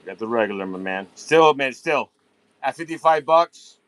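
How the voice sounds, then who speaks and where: A man's voice: mid-range voice, expressive, normal speed, a bit bright, no echo, rough recording. A man hosting a live online sale of diecast cars from a warehouse at night, chatting casually with viewers and hyping each pull. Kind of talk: casual live-stream sales chat.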